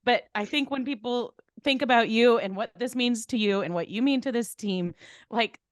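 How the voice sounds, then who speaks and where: A woman's voice: on the high side, moderate pace, no room sound, clean studio sound. Gushing woman podcast co-host. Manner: gushing, rambling with lots of fillers. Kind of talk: casual chat.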